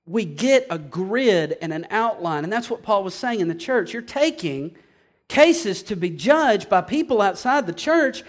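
Man preaching, high voice, fiery, drops to a hush then builds back up. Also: lively intonation, unhurried. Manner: impassioned, swings from hushed to loud. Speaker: pastor. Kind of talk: sermon.

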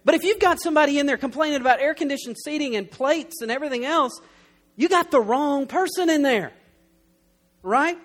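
A young adult man preaching a conversational sermon, telling stories with animated humor. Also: extremely high pitch, fairly quick. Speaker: pastor.

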